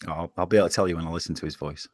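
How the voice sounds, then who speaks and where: Yorkshire man with a low voice. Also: fairly even intonation, rapid-fire. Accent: Yorkshire English. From England. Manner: laid-back, swears and laughs often. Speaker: show host. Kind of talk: casual chat.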